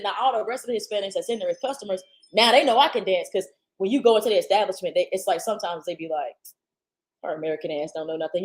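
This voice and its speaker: A woman hosting a livestream, telling a story in casual slang with lively, animated delivery on a computer's built-in mic. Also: mid-range voice, poor audio. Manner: slangy, animated, talks loudly at times. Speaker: livestream host. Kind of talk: casual storytelling to a live audience. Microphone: computer's internal mic.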